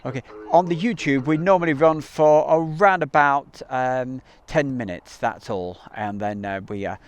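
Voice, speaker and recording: A man talks casually as he hosts a live stream from outdoors. His commentary rambles and is full of ums and uhs. His voice sits at an ordinary middle pitch and is picked up by a camcorder's built-in mic. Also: normal speed, clean tone. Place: outdoors near an airbase.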